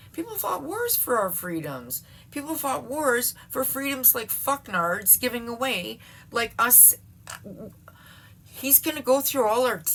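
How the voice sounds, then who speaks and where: A woman's voice: on the low side, fairly bright tone, slight background noise. A middle-aged woman ranting in a casual vlog from home, exasperated and profane, often breaking into laughs. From Canada. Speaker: vlogger. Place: at home, seated.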